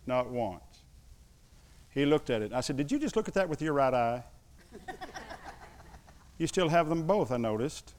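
A man's voice: a little high, big pitch swings, a little slow, pauses often, darkish tone. Emphatic preacher man delivering a sermon. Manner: emphatic, with humorous asides. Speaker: pastor.

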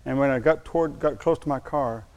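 An older man preaching a sermon, telling a personal story, slowing for emphasis and dropping to a quiet, moved tone. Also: medium pitch, muffled recording. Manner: storytelling, slows down for emphasis, drops to a hushed tone when moved. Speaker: pastor.

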